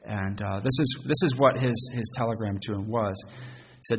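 A man preaching a sermon as pastor, earnest and halting, often repeating words as he goes. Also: lowish voice. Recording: long church reverb, faint noise.

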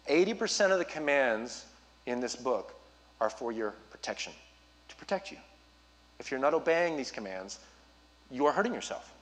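A man preaching as a youth pastor, urging his listeners directly with an earnest, personal manner and quick asides. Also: mid-range voice, fairly bright tone. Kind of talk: sermon.

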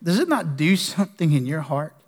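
A man preaching a sermon as pastor, moving between passionate declarations and soft, pleading prayer. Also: a little high, big pitch swings, fairly quick. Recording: long reverb of a church hall.

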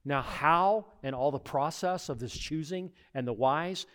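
A man preaching a sermon, retelling stories with acted-out voices and swinging from loud to hushed. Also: a little high, a little slow. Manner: animated storytelling with acted-out voices. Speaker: pastor.

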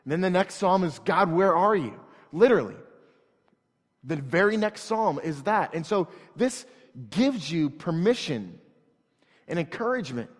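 A male pastor preaching to a congregation in an earnest, conversational way, often restarting phrases and moving between quiet asides and raised, emphatic passages. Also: sits high, sing-song, moderate pace. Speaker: church plant pastor. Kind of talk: sermon. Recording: long hall reverb.

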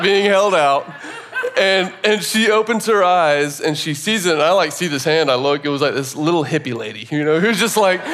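A man with a voice a bit higher than most tells a personal story in a loose, conversational way. He sounds earnest and reflective, filling his sentences with "like" and "you know" as he draws a faith lesson from it. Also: a bit bright. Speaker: speaker sharing a personal story.

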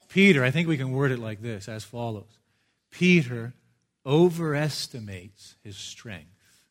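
A man preaching a sermon with earnest emphasis, his voice sinking low and soft at the ends of phrases before lifting loudly again. He repeats key lines for weight and addresses listeners directly as friends. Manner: swings between hushed low phrases and loud lifts. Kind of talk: expository sermon.

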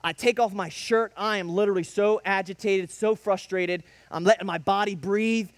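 A man's voice: sits high, fairly even intonation, normal speed, no echo. A man telling a faith testimony in emphatic preacher-style storytelling, with punchy short sentences that rise to bursts. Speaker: speaker giving a faith testimony.

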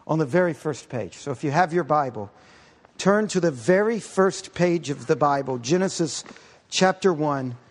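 A middle-aged man preaching a sermon as pastor, storytelling with playful asides to his congregation. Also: a little high. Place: church sanctuary. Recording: long reverb of a large hall.

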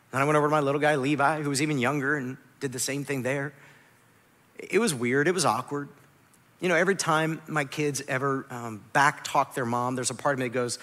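A man in his thirties preaching a sermon as a pastor, lively and emphatic, dropping to soft, quiet asides. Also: medium pitch, brisk, long reverb tail.

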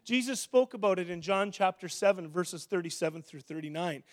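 A middle-aged man preaching a sermon in an animated, conversational way, often restarting his sentences. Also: high-pitched, brisk.

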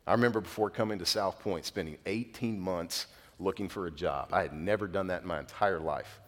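A male pastor with a fairly low voice delivers a sermon in an earnest, conversational way, full of casual asides. His words ring out with the long reverb of a large church hall. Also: fast. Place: church sanctuary.

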